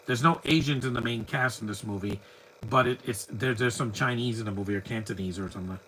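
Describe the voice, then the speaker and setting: A man's voice: mid-range voice, normal speed, pauses often, fairly bright tone, slight background noise, poor audio. A man giving a live movie commentary, chatty and opinionated, full of rambling asides. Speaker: film commentator.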